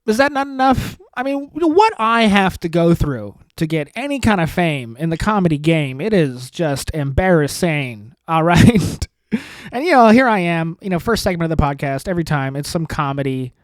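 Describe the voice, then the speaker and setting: Lively self-mocking male podcast host. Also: a little high, normal speed, no room sound. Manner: rambling, self-mocking dark jokes; sarcastic asides. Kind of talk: solo comedy podcast monologue.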